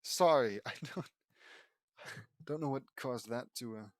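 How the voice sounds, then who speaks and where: A man reads his fan fiction aloud in an ordinary middle-pitched voice, wandering into chatty, self-deprecating tangents. The sound is close and dry, with no room echo. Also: unhurried. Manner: rambling, self-mocking commentary with laughs. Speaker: fan fiction audiobook reader.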